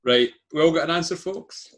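Chatty Scottish quiz host. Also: male voice, a little high, moderate pace. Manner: chatty, self-deprecating, laughs often. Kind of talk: casual quiz hosting.

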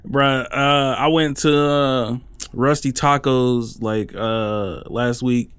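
A man's voice: mid-range voice, steady tone, takes it slowly, a bit bright, clear, resonant tone, no room sound. A young man chatting casually as a podcast co-host, laid-back and profane, dropping "bruh" into every sentence. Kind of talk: casual chat.

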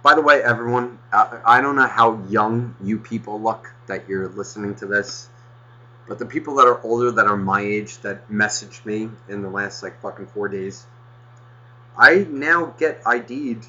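A man rants through a long story with a bright, forceful voice, swearing every few words. He rambles and restarts as he talks to his co-host. The audio is muffled and lo-fi. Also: fairly low pitch, moderate pace. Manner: animated, swears constantly, rambling. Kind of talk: casual profane storytelling.

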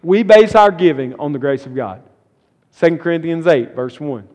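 High-voiced preacher in a reverberant church. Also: male voice, animated, moderate pace, darkish tone. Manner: reads scripture then preaches with rising emphasis. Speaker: pastor. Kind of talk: sermon. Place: church sanctuary. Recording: long church hall reverb.

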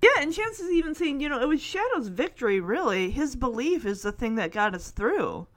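A woman's voice: sits high, very animated, a little fast. A woman hosting a casual, emotional film recap, acting out the characters and laughing often. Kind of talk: casual chat.

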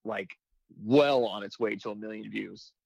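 Low-voiced man telling a story. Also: a little slow, creaky, a little mellow, dry recording, muffled recording. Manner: rambling, many restarts and fillers. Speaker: firefighter and internet comedian. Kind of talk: casual interview storytelling.

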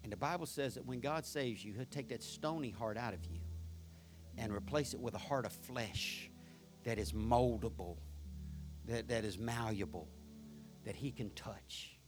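A man, preaching a sermon in a church, swinging from loud passion to hushed intimacy and telling folksy stories full of rhetorical questions. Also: medium pitch, normal speed, over music. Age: 50s. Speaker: pastor.

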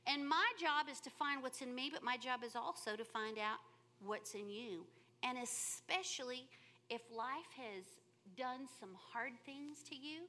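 High, bright-voiced woman preaching. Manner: animated, humorous storytelling. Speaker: church speaker. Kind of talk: sermon.

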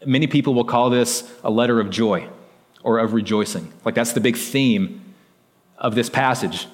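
Conversational preaching man in a reverberant hall. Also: medium pitch. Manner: conversational preaching with frequent "like" and "right?". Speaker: pastor. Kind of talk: sermon.

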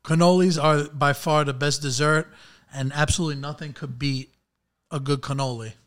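A man's voice: fairly high pitch, fairly even intonation, normal speed. A man in his thirties co-hosting a casual podcast chat, laid-back with dry humor and a lot of "like". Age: 30s. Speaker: podcast co-host.

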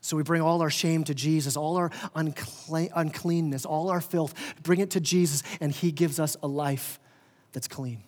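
A male pastor preaching a sermon with passion, swelling loud and dropping soft, often restarting his words. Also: a little high, steady tone, normal speed, long reverb tail. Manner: impassioned, rising and falling in volume, stammering restarts. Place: church sanctuary.

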